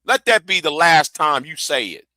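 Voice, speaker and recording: A man's voice: fairly high pitch, animated, normal speed, sharp tone, no room sound. A man hosting a livestream, ranting angrily and profanely, often repeating himself and stumbling over words. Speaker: livestream host. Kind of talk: heated livestream rant.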